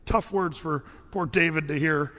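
A man's voice: fairly high pitch, moderate pace, bright, forceful tone, in a large hall. A middle-aged man preaching a sermon in a conversational way, with casual fillers and restarts. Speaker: pastor.

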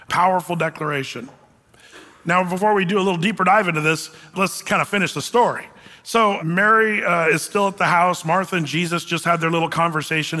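A man delivers a sermon in a high, bright voice. He preaches emphatically, mixing scripture reading with folksy asides, and a long reverb trails his words. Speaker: pastor.

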